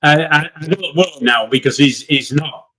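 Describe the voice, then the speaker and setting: A man's voice: a little high, moderate pace, bright, forceful tone, poor audio. An older man with a Yorkshire accent, co-hosting a live stream in blunt, grumbling casual chat. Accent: Yorkshire English. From Yorkshire, England. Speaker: livestream co-host.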